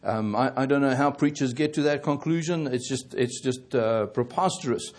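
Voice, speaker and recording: A man preaching a sermon, halting and correcting himself often, growing more emphatic as he presses his points. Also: mid-range voice, darkish tone. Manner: halting, with many fillers and self-corrections.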